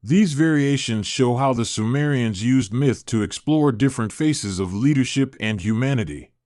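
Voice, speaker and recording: A man narrating a bedtime history story in a calm, soothing, slow voice. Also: mid-range voice, dry recording, clean studio sound. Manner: slow, soothing, even delivery.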